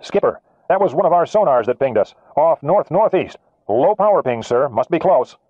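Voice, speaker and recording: A man voicing an eager young American sonar operator giving quick, alert reports in an audiobook reading. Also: on the high side, sing-song, no echo, highs cut off, pitched above the performer's own voice.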